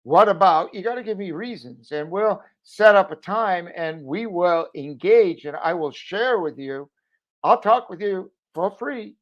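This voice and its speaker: Man, middle-aged, promotional pep talk, emphatic and exhorting, loud-to-hushed swings, muffled lo-fi audio. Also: high voice, lively intonation, unhurried. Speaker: jewelry business owner. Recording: dull lo-fi audio.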